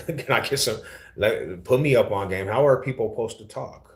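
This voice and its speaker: A very deep-voiced man with an East Denver accent, chatting loosely on his livestream. He answers viewers in easygoing street slang and keeps calling them homie and fool. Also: moderate pace. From Denver, USA. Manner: laid-back slangy talk, calls people homie and fool. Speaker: livestream host.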